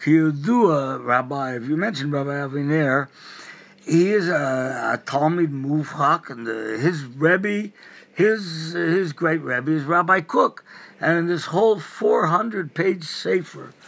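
A man's voice: on the high side, expressive, slow, gravelly, a bit bright. A man on a call who keeps cutting in insistently to make his point, citing a book. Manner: insistent interjecting, reading from a book.

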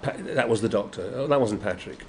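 Older Yorkshire man, lively anecdotal storyteller. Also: lowish voice, brisk. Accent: Yorkshire English. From Yorkshire, England. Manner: lively storyteller, acts out quotes, laughs often. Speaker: guest actor. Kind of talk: anecdotal interview chat. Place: convention room. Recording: noisy convention room.

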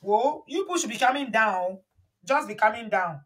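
A woman's voice: fairly high pitch, expressive, normal speed, a bit bright. A woman hosting a casual live-stream, talking emphatically and lecturing her viewers. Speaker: live-stream commentary host.

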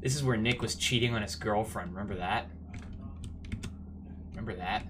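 A man streaming a game with casual, sarcastic commentary that breaks into loud bursts of excitement. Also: lowish voice, normal speed, noisy background.

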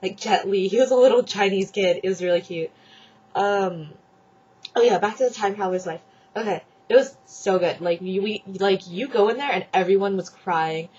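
A young woman talks straight to her camera in a loose, gushing way, piling on fillers as she chats. Her voice has a slightly husky edge. The sound is dull and lo-fi, like an old webcam recording. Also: medium pitch, normal speed, darkish tone. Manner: chatty, gushing, lots of fillers. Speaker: vlogger. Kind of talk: casual chat.

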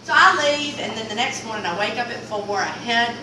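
A middle-aged woman with a Southern American accent, telling a comic story to a live audience in an animated, rambling way and acting out the dialogue. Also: fairly high pitch, a little fast. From Mississippi Delta, US. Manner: animated, rambling, acts out dialogue with big swings. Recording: far-off, very echoey room with noise.

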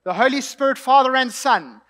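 Young south african man preaching, high voice, chatty storytelling sermon. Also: expressive, normal speed, a bit bright, long reverb tail. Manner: conversational storytelling with asides and light laughter.

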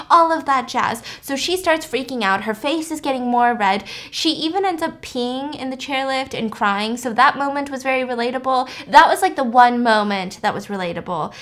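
A young woman with a high voice hosts a casual podcast. She retells a movie in a chatty way, laughs often and slips into the characters' lines as she goes. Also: moderate pace, hardly any pauses, fairly bright tone. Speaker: podcast host recapping a movie. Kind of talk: casual storytelling chat.

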